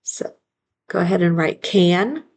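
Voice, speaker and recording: A woman's voice: lowish voice, lively intonation, measured pace, darkish tone, slightly rough. A woman teaching a phonics lesson, patiently sounding out words syllable by syllable and correcting herself with small apologies. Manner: self-correcting, apologetic asides. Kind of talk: phonics lesson, slow dictation.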